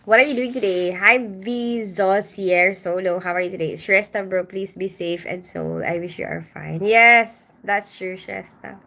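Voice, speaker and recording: A woman's voice: medium pitch, fairly even intonation, unhurried, hardly any pauses, bright, forceful tone. A middle-aged woman from the Philippines hosting a casual livestream from home, reading comments and greeting viewers by name with frequent laughter. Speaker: livestream host.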